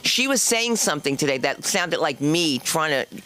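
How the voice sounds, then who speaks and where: A woman's voice: low voice, expressive, normal speed, fairly bright tone. A woman hosting a stand-up comedy night, chatty and teasing the audience. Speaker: comedy show host. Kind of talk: stand-up crowd work. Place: comedy club stage.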